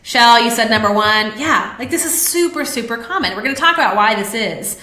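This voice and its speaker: Open, chatty woman doing a live stream, bright voice, echoey room, lots of um and like. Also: on the high side, lively intonation, a little fast. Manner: candid, confessional, lots of fillers. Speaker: podcast host. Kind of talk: live-streamed solo talk to viewers. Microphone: webcam or phone on a live stream.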